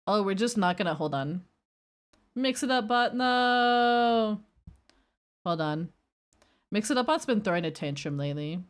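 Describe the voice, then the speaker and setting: A woman's voice: mid-range voice, animated, a little slow, pauses often, clear, resonant tone. A woman streamer chatting casually and rambling while reacting to her chat. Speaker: livestreamer.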